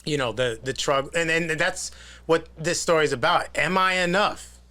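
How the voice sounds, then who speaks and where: A man being interviewed as a guest film director, answering earnestly and reflectively, with animated jokes. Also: fairly high pitch, moderate pace.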